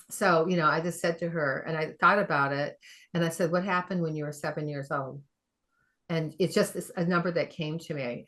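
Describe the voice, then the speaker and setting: A middle-aged woman, a functional medicine practitioner, telling a story in an animated way, acting out the quoted dialogue and laughing often. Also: deep voice. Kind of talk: conversational storytelling.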